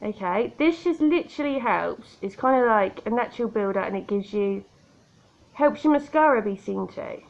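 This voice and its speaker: A woman's voice: mid-range voice, expressive, moderate pace, vocal fry, muffled recording. A woman chatting self-mockingly through a makeup tutorial at home, talking straight to the viewer. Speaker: makeup vlogger. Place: indoor room by a window. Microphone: tablet camera.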